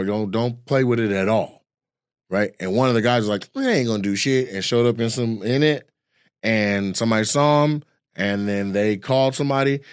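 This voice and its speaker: A man co-hosting a casual chat, telling animated stories and acting out the voices of the people in them. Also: mid-range voice, smooth, no echo, studio quality.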